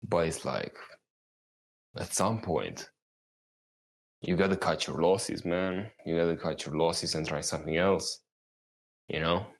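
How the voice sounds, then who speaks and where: Low-voiced rambling young man. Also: measured pace, long pauses. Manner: meandering, laid-back, swears casually. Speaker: YouTuber. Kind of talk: rambling casual vlog talk.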